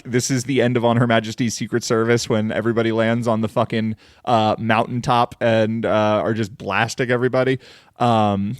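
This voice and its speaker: A man's voice: medium pitch, no room sound, clean studio sound. A man hosting a podcast, talking through a film in a rambling, casual monologue and cursing freely. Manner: rambling and conversational, swears freely, says "like" often. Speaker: podcast host.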